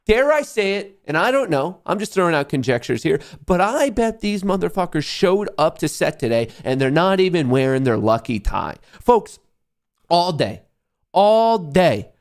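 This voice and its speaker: Animated, profane young male streamer. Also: on the high side. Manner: loud, profane, animated and sarcastic. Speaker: livestream host. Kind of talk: live market commentary rant.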